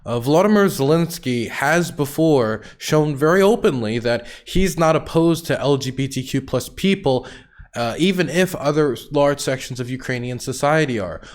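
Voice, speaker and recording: A man's voice: on the high side, animated, normal speed. A man hosting his channel, giving direct, explanatory commentary to camera. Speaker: host.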